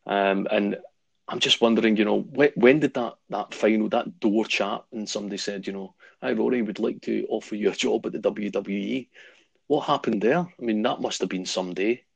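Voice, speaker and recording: A man's voice: fairly low pitch, moderate pace, creaky, husky, dry recording. A man hosting an interview, asking rambling, hesitant questions. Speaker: podcast host.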